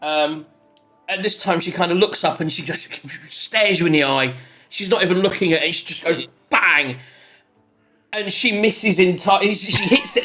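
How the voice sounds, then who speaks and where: A man narrating as game master of a tabletop role-playing game, laughing often and rambling through the scene. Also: high-pitched. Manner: lively, giggly, rambling narration.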